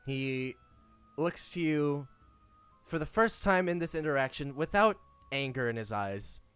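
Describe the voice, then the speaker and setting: A man narrating as game master of a tabletop game in a measured, descriptive way. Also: on the high side, lively intonation, a bit bright, clear, resonant tone, dry recording, soft background music.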